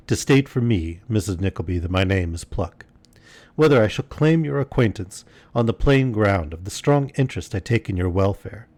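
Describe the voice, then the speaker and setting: A man voicing a pompous, smooth-talking gentleman who speaks in grand, flowery, theatrical flattery. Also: low voice, dry recording.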